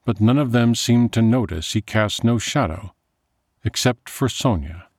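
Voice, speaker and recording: A man narrating a dark story in a measured, atmospheric way. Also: mid-range voice, expressive, no echo, clean studio sound.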